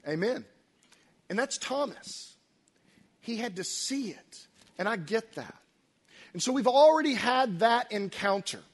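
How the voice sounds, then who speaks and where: A middle-aged pastor with a high voice preaching a sermon. He tells stories with feeling and often drops to soft, almost whispered lines. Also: expressive, unhurried, long pauses, husky. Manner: emotional, storytelling, quiet dips into near-whisper.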